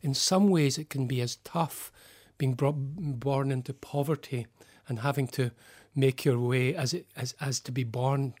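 Scottish psychologist guest, mid-pitched male voice, thoughtful, halting explainer, radio interview. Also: a little mellow.

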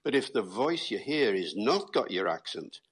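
A man's voice: on the low side, sing-song, normal speed, husky. A man from Britain, a linguist, explaining accents as an interview guest in an engaging, storytelling way. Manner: storytelling, lecturing.

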